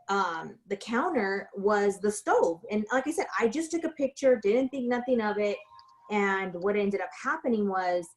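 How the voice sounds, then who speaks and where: A woman real estate broker talks through a casual tutorial, sharing stories from her work. Her voice sits at an ordinary middle pitch. She rambles in a chatty way, with plenty of fillers and self-corrections. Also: poor audio. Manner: chatty, frequent fillers and restarts.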